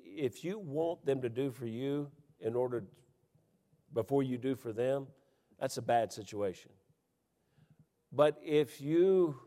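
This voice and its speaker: A man preaching to his congregation in a lively, folksy way. His delivery climbs to loud, emphatic peaks and then drops to near-confiding murmurs as he tells personal stories. A long reverb from the church hall trails each phrase. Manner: animated preaching with wide swings in pitch and loudness, folksy asides and chuckles. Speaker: pastor. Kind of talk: sermon.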